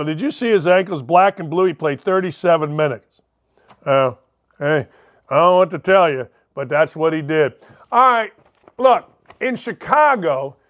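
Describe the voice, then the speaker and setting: High-voiced joking sports talk host. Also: male voice, fairly bright tone. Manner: rambling, joking, digressive. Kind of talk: casual sports talk monologue.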